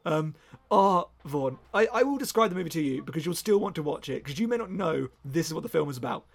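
A man chatting casually on a podcast, his rambling, enthusiastic talk full of restarts and self-corrections. His voice sits a little high for a man and has a gravelly edge. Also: animated, quick pace. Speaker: podcast co-host. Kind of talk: casual chat.

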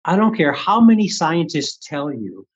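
Husky older man telling stories. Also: on the high side, moderate pace, muffled recording. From Midwestern United States. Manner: animated, acts out his own past thoughts. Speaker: guest, Reiki teacher. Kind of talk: candid storytelling.

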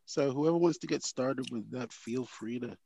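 A man's voice: mid-range voice, normal speed, gravelly, dark tone. A man hosting a podcast, upbeat, with hesitant fillers in casual chat. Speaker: podcast host.

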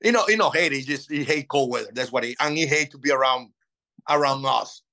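A man in his fifties, a native Spanish speaker, telling lively stories in a casual interview and acting out old conversations. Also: medium pitch, a little fast, rough recording. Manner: animated, acts out past dialogue. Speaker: interview guest.

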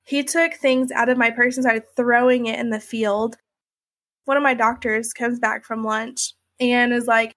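A woman's voice: a little high, fairly even intonation, moderate pace, fairly bright tone. A young woman recounting a personal ordeal in a conversational way, full of "like" and "you know". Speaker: interviewee recounting her experience. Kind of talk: emotional personal storytelling.

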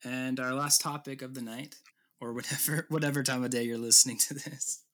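A man's voice: medium pitch, steady tone, brisk, fairly bright tone. A young man co-hosting a casual podcast. He steers the conversation from topic to topic and drops dry, wisecracking remarks along the way. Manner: dry, wisecracking, leads the segments. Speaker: podcast co-host.

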